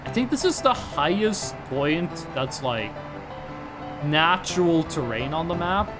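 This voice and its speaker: A streamer from Norway speaking with an American-sounding accent, chatty and rambling, full of fillers. The pitch bounces around a lot. Faint music plays underneath. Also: big pitch swings, measured pace. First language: Norwegian. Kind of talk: casual gameplay commentary.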